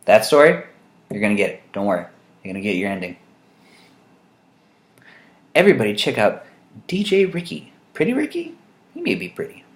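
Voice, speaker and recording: Male vlogger, lower register, very lively delivery, wry rambling comic monologue. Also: brisk, pauses often. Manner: animated, jumps into loud high mock voices for quotes. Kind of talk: humorous storytelling monologue.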